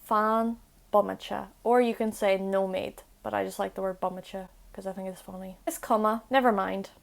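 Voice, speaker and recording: A woman's voice: mid-range voice, steady tone, normal speed, vocal fry. Young woman, language-video host, casual and self-mocking, mid-range voice. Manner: chatty, self-deprecating asides.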